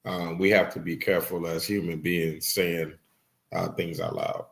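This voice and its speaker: A man's voice: deep voice, level tone, normal speed, vocal fry. A man co-hosting a podcast, laid-back and playful in casual chat, reading out listener comments. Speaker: podcast co-host.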